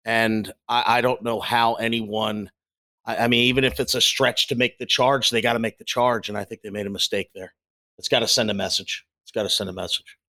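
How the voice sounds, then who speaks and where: A man's voice: lowish voice, fairly even intonation, fairly quick, bright, forceful tone, no echo. A man speaking earnestly with frequent restarts as a guest in a political discussion. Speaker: panel guest.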